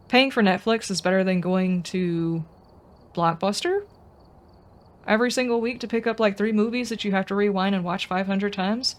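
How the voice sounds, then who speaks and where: A woman streaming a game, chatting casually and rambling as she answers her viewers' comments. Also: medium pitch. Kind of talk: casual live-stream chat.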